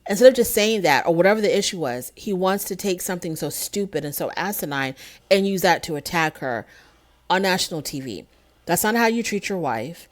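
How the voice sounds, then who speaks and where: A woman with a slightly low voice gives a casual recap of a reality show, talking straight to her viewers. She tells it in an animated, indignant way and acts out what the cast members said. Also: fairly quick. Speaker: show reviewer, host.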